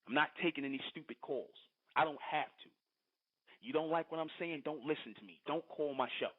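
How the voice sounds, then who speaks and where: Heated radio host guy ranting at a caller, kinda high voice, phone-line tinny sound. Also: fairly quick. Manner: combative, scolding, repetitive lecturing. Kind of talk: heated call-in radio rant.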